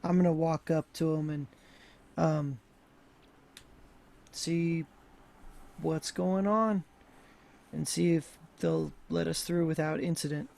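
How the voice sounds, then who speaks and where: A man playing in a tabletop game, relaxed and hesitant with fillers. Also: on the high side, slow, creaky, pauses often. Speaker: player. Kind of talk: casual tabletop play.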